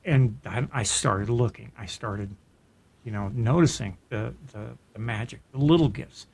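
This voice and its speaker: A man's voice: medium pitch, unhurried, vocal fry. A middle-aged man, co-host of a podcast, telling a personal story in a casual, earnest, reflective way, often restarting his sentences. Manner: earnest, reflective, with frequent restarts and soft laughs.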